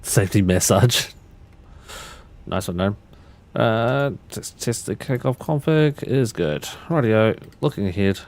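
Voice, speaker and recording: A man's voice: mid-range voice, lively intonation, a little slow, a little mellow. A man livestreaming, talking through cockpit steps and chatting loosely with his viewers, often restarting his sentences. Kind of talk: casual livestream commentary.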